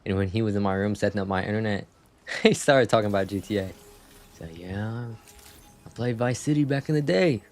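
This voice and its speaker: Low-voiced young man ranting casually. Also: fairly quick. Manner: casual, animated, slangy ranting. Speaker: gaming streamer. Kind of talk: live gameplay commentary.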